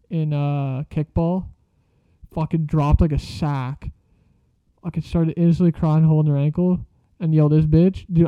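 On a casual vlog, a young man whose voice sits on the high side rambles through stories from school, full of slang and profanity. The recording is muffled, lo-fi, and dry, with no room sound.

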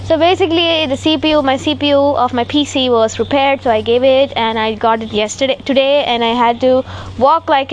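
A woman's voice: sits high, a little hiss or hum. A young woman tells a rambling storytime vlog on a rooftop at night. She swears casually and acts out the voices of people she quotes. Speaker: vlogger.

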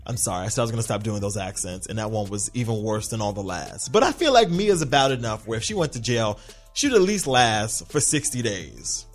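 Male podcast host, animated and sassy, pitch jumping all over, faint music underneath. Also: brisk. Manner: animated, sassy, slips into mocking voices. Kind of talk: casual TV recap monologue.

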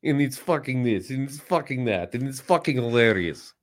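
A man's voice: mid-range voice, expressive, normal speed. Wry male radio host in a studio. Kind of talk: studio commentary.

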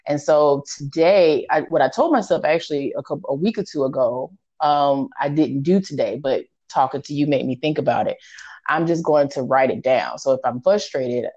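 A woman's voice: sits low, moderate pace, darkish tone, no room sound, muffled recording. A woman co-hosting a podcast who talks candidly and reflects on herself in casual chat. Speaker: podcast co-host.

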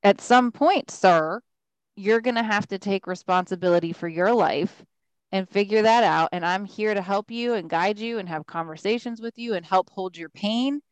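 A woman's voice: mid-range voice, normal speed, dry recording, poor audio. Firm-spoken woman giving advice, dry sound. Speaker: podcast co-host. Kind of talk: casual chat.

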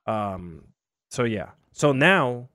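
A man's voice: medium pitch, sing-song, very slow, pushed and bright, dry recording, studio quality. A young man hosting a casual livestream, chatty and self-deprecating, with lots of fillers. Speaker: livestream host.

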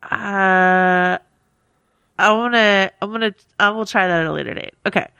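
A woman's voice: medium pitch, moderate pace, gravelly, pushed and bright, smooth, dry recording, highs cut off. Woman, podcast co-host, reads listener emails aloud, chatty, laughs easily, dry close mic.

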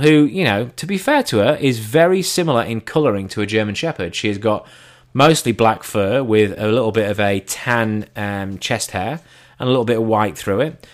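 An English man in his thirties telling comic stories in a dry, self-mocking way, swearing casually. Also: fairly low pitch. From England. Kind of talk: comic storytelling.

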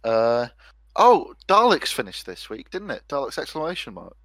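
A man's voice: medium pitch, big pitch swings, normal speed, a bit bright, no room sound. A man hosting a casual podcast chat, hesitant and often laughing. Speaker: podcast host.

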